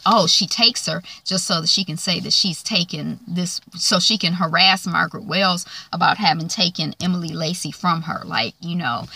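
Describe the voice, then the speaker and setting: Lively woman recapping a TV show. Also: fairly low pitch, vocal fry, no room sound. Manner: animated retelling, acts out quotes. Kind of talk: casual TV recap.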